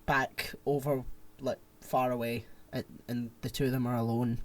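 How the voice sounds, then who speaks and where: A man co-hosting a podcast, chatting casually and retelling a film plot in an animated, rambling way. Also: medium pitch, normal speed. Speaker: podcast co-host. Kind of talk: casual chat.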